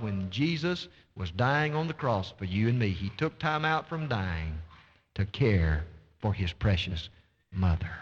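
A male pastor preaching a sermon with impassioned, dramatic delivery, stretching key words slowly for emphasis. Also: mid-range voice, fairly bright tone. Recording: dull lo-fi recording in a reverberant church hall.

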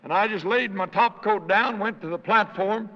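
An older man with a hoarse voice, a traveling evangelist telling folksy stories in a sermon and acting out the people he quotes. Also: high voice, moderate pace, pushed and bright. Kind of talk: anecdotal sermon storytelling with jokes. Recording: reverberant hall, dull lo-fi sound.

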